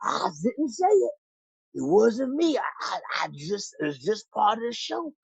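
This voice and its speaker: A man's voice: sits high, wildly swooping pitch, a little slow, vocal fry, breathy edge, no echo, highs cut off, exaggerated voice. A man putting on a servile, eager-to-please entertainer voice in an exaggerated drawl. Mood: hushed pleading. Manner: exaggerated drawl, loud then hushed.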